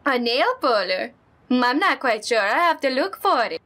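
A woman's voice: high voice, very animated, moderate pace, sharp tone, heavily acted. A woman voicing a kindly older female neighbor in a game, polite and sweet, with a Minnesotan accent.

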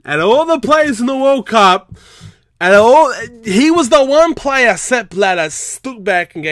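A man's voice: very high voice, sing-song, measured pace, fairly bright tone, dry recording. A young man ranting heatedly in a vlog, exasperated, breaking into laughter now and then. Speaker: YouTube football vlogger.

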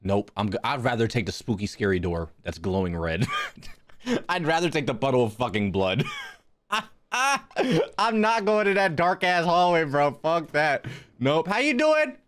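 A man's voice: fairly high pitch, big pitch swings, a little slow, fairly bright tone. A young man streaming a horror game, jumpy and swearing a lot as he talks to his chat and to himself. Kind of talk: live horror gameplay commentary.

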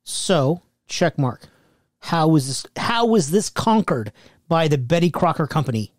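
A man's voice: a little high, big pitch swings, a little slow, no echo, studio quality. A man co-hosting a podcast in casual chat, mostly giving short replies and questions. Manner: short agreeing replies, quizzes his co-host. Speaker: podcast co-host.

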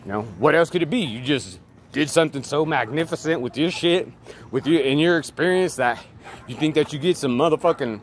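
A man giving a rambling, profane, emphatic monologue outdoors near traffic. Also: on the high side. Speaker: vlogger. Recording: loud street and vehicle noise.

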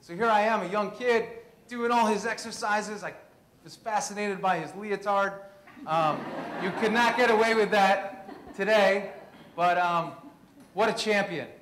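A man in his thirties from Queens, giving an animated storytelling presentation. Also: sits high, a little slow, slight background noise. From Queens, New York. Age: 30s. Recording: echoey room.

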